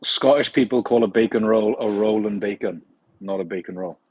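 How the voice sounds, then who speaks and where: A man on a podcast chiming in during casual chat with short, relaxed remarks. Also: lowish voice, a little fast, slightly rough.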